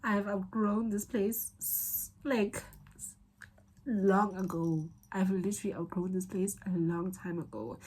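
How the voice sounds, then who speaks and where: A woman's voice: medium pitch, steady tone, measured pace, darkish tone, slightly rough, rough recording. A young woman with a South African accent telling a candid, rambling personal story in a vlog, at times tearful. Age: young adult. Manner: candid, rambling, emotional, with many restarts. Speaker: vlogger.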